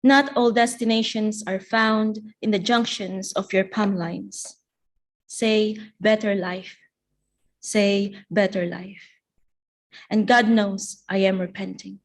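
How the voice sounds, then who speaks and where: A woman poet reads her work aloud at a live event. She takes her time, letting each line settle in a slow, deliberate recitation, her voice sitting in an ordinary middle register. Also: mid-range voice, fairly even intonation. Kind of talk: live poetry reading.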